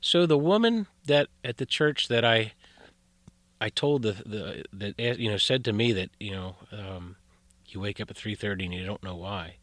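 A man with a lowish voice tells eerie tales in an unhurried, rambling way, stopping and restarting his sentences often. The sound is dry and close, with no room echo. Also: a bit bright. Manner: rambling, full of fillers and restarts. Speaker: guest storyteller. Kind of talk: casual spoken storytelling.

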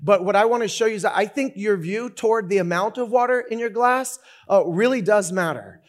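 A man preaching a sermon as pastor, talking in an animated, conversational way with many restarts. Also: sits high, fairly quick.

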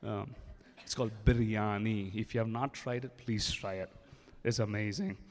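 A man's voice: lowish voice, fairly even intonation, normal speed, darkish tone. Emphatic male pastor in echoey hall. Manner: emphatic, acts out quoted dialogue. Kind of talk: sermon with testimony. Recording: echoey hall with long reverb.

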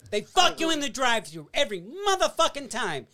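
A man hosting a podcast, telling stories in a casual, animated and profane way. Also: very high-pitched, a little fast. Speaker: podcast host. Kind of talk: casual chat.

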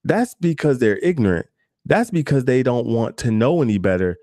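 A man in his trade as a barber, talking casually and candidly with many fillers and asides. His voice sits at an ordinary pitch for a man. The recording is dry and close, with no room echo. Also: very animated, moderate pace, dark tone. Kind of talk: casual advice talk to camera.

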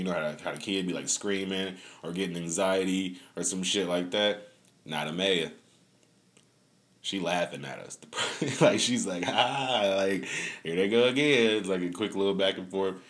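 Deep-voiced man hosting a loose podcast. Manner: loose, profane, laughing storyteller. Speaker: podcast host. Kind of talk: casual podcast chat.

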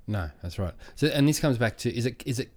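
A man's voice: medium pitch, animated, a little fast. A man co-hosting a podcast, chiming in with short remarks and questions in casual chat. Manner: short agreeing interjections and questions. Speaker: podcast co-host.

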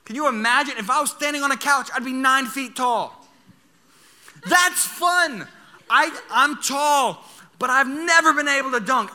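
A young man preaching a sermon, telling a story in an animated way and laughing as he goes. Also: extremely high pitch, long reverb tail. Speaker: pastor.

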